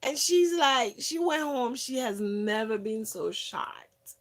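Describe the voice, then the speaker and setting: Woman, casual storytelling, slow, gravelly, rambling with fillers. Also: mid-range voice. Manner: rambling, many fillers and restarts; lively retelling of others' words. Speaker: wellness channel host.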